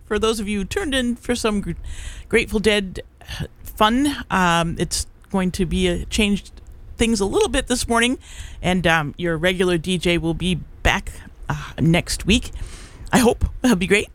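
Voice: medium pitch, normal speed, a bit bright. A middle-aged college radio DJ chatting casually on air between songs, rambling with plenty of fillers and restarts. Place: radio studio.

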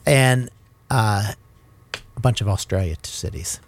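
A man's voice: fairly low pitch, unhurried. A man co-hosting a podcast, chatting casually with wry, self-deprecating banter. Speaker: podcast co-host. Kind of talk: casual chat.

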